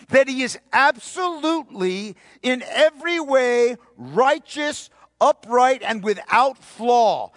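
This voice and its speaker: High-voiced emphatic male preacher. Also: a bit bright, no echo, clean studio sound. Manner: emphatic, repeats key phrases, drops to near-whisper for stress. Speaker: pastor. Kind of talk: sermon.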